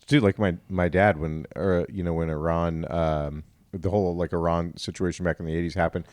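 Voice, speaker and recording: A man's voice: sits low, steady tone, fairly quick, darkish tone, dry recording, studio quality. A man in his forties from Southern California, telling stories on a comedy podcast, laid-back and swearing freely. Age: 40s. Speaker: podcast co-host. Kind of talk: casual crude comedy podcast banter.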